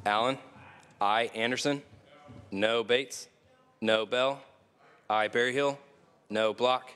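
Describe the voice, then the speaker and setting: A man working as a legislative reading clerk, calling the roll in slow, measured tones in a large chamber. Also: medium pitch, fairly even intonation, a bit bright, clear, resonant tone. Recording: reverberant chamber audio.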